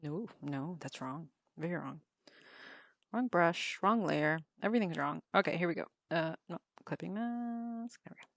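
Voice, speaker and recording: A woman's voice: sits low, normal speed, vocal fry, a bit bright, no echo. A woman streaming herself drawing, talking casually to herself and correcting her own mistakes as she works. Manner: muttering to herself while working, self-correcting.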